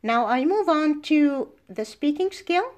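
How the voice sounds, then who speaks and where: A middle-aged woman whose first language is Arabic, giving a university lecture and explaining language points through slow worked examples. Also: high-pitched, animated, a little mellow. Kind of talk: recorded lecture.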